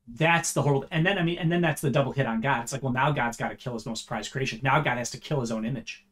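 A man teaching a Bible study, explaining scripture in an earnest, conversational way and acting out lively paraphrases. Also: mid-range voice, quick pace.

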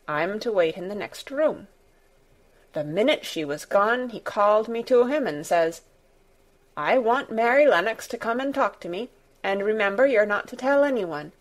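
A woman's voice: mid-range voice, natural voice. Woman voicing a timid housemaid. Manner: broad dialect, deferential. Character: young Yorkshire housemaid, timid and earnest.

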